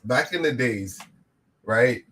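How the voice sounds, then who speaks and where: A man's voice: medium pitch, animated, slow, fairly bright tone. A man co-hosting a podcast, chatting casually in a rambling, joking way. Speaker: podcast co-host. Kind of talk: casual chat.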